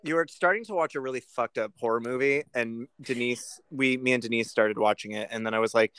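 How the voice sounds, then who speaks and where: A man co-hosting a casual podcast chat, talking in animated bursts and laughing often. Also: a little fast, clean tone. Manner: lively, laughing often, animated swings in pitch. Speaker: podcast co-host.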